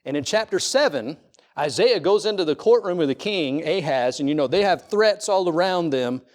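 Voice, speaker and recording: At a church service, a middle-aged male pastor preaches with repeated rhetorical questions, swinging between loud, ringing lines and hushed ones. His voice is a little high and animated, at a normal speed.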